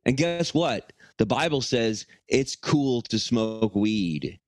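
A man's voice: mid-range voice, animated, takes it slowly, darkish tone, dry recording. A man co-hosting a podcast, ranting and swearing in jokey, casual banter. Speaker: podcast co-host.

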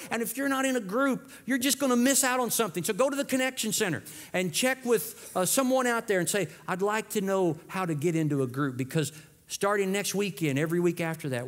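A man preaching a sermon as lead pastor, telling a story with lively shifts and dropping low for dramatic lines. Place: church sanctuary. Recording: long church hall reverb.

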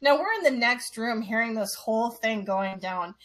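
A woman podcast host telling an anecdote in a casual, animated way, laughing often as she goes. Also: on the high side, normal speed. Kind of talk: casual storytelling.

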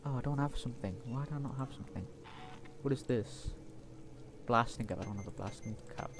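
A man giving chatty, playful let's-play commentary, breaking into loud excited outbursts. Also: mid-range voice, brisk, over music. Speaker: gaming YouTuber.

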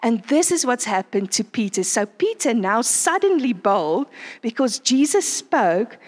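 Woman, sermon, animated, rhetorical questions, higher voice, hall echo. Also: measured pace. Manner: animated, asks the crowd frequent rhetorical questions. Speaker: conference speaker. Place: conference venue.

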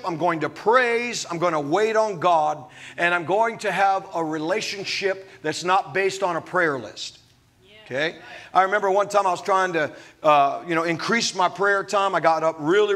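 Male pastor, animated preaching, quick jokes, high, ringing voice. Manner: animated preaching with humorous asides. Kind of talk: sermon.

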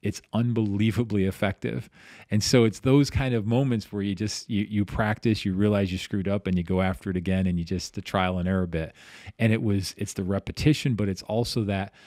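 A middle-aged physical therapist talks fairly quickly in a lowish voice as a podcast guest, telling casual stories. He's animated, voices the people he quotes, and restarts a lot, recorded in clean studio sound with no echo.

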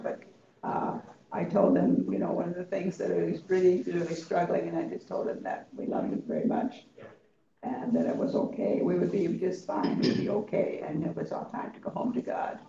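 A woman in a class, a former nurse, speaking haltingly with many fillers. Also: lowish voice, flat delivery, vocal fry, mellow. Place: church meeting room. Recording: echoey room, distant dull mic.

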